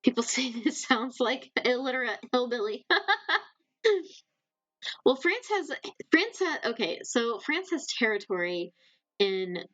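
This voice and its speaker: Lively woman streamer chatting. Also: on the high side, moderate pace, poor audio. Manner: animated, reacting to chat with loud exclamations. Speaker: live streamer. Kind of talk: casual stream chat.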